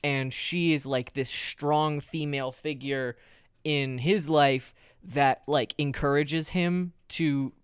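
A man's voice: on the high side, fairly even intonation, takes it slowly, clear, resonant tone, dry recording, clean studio sound. A man co-hosting a casual podcast, telling stories emphatically and swearing freely. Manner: profane, emphatic storytelling. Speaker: podcast co-host. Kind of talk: casual fan chat.

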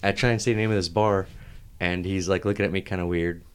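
A man's voice: low voice, fast talker, smooth. A man co-hosting a casual podcast, telling a long story with lots of laughter. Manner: animated storyteller, laughs often. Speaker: podcast co-host.

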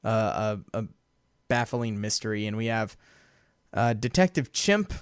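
A man's voice: fairly low pitch, animated, measured pace, clean tone, no room sound, studio quality. A man co-hosting a casual podcast, laughing often as he retells cartoon scenes. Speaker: podcast co-host. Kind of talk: casual chat.

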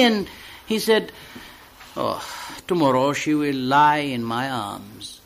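A man giving an expressive poetry reading, slow and deliberate, rising to loud, high emphatic peaks. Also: gravelly. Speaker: poetry reader.

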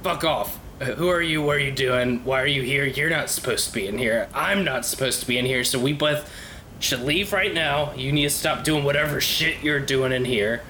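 A man voicing a gruff, hot-tempered dwarf druid who is blunt, impatient and swears a lot. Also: medium pitch, normal speed, sharp tone, slight background noise, pitched above the performer's own voice, close to an everyday voice. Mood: angry.

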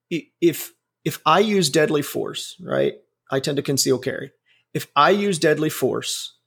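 A man's voice: mid-range voice, gravelly. A man in his forties giving his opinions in casual talk, blunt and profane, rambling with frequent restarts. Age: 40s.

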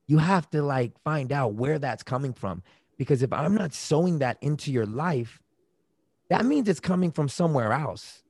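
Animated man acting out arguments. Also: on the high side, moderate pace, no room sound, studio quality. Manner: animated, acts out quoted arguments in raised voices. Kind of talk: casual conversation about relationships.

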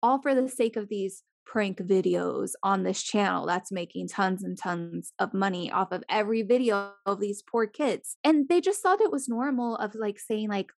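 A young woman chatting casually as a podcast co-host, animated, swearing freely and acting out the people she quotes. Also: mid-range voice, moderate pace, gravelly, few pauses, no room sound, clean studio sound. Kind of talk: casual chat.

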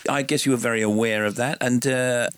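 A man's voice: medium pitch, steady tone, a little fast, a bit bright, smooth, no echo. A man presenting a radio interview, upbeat and friendly.

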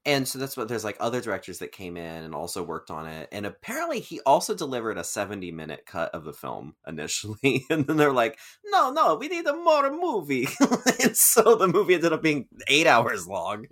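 A woman's voice: extremely low pitch, sing-song, fairly quick, hardly any pauses, a bit bright. A woman co-hosting a casual film podcast, enthusiastic and jokey, often breaking into laughter. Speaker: podcast co-host. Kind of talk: casual film-review chat.

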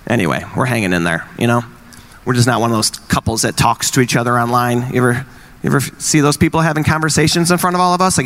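A married man in his forties doing stand-up comedy, teasing the crowd and acting out quick exchanges in wry bits. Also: mid-range voice, fairly bright tone. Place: live venue with an audience.

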